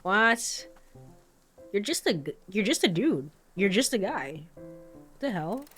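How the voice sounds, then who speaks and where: A woman's voice: medium pitch, big pitch swings, slow pace, a bit bright, soft background music. A woman who is sick gives laid-back, casual commentary while playing a game, mumbling with fillers. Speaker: let's play streamer.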